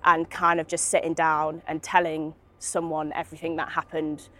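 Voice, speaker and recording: A woman's voice: sits low, completely flat delivery, normal speed, sharp tone. A young woman from Britain, speaking candidly as an interview guest with many fillers and restarts, recorded outdoors in a park.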